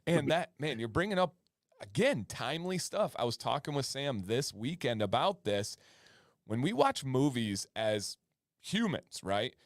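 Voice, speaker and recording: A man's voice: medium pitch, very animated, a little slow, no echo, clean studio sound. A man co-hosting a livestream in a casual, enthusiastic chat, laughing often. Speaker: livestream co-host.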